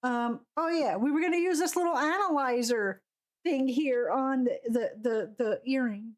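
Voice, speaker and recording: A woman's voice: sits high, lively intonation, slow. A woman streaming a game live, chatting casually and ranting animatedly with frequent laughs. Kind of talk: casual live gameplay commentary.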